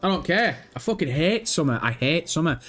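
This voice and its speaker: A man's voice: a little high, sing-song, a little fast, a bit bright. A young man hosting a gaming livestream, chatting casually, swearing and teasing viewers in chat. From Britain. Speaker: livestream host. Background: faint background music.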